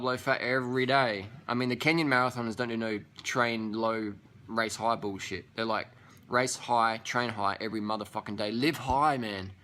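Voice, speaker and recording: Casting: young guy, bright forceful voice, profane scornful rant. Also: mid-range voice. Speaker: vlogger.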